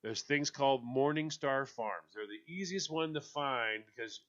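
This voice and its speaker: Animated jokey male radio host. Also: medium pitch, measured pace, lo-fi sound. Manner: animated, jokey, acts out quotes in funny voices. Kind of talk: casual radio chat.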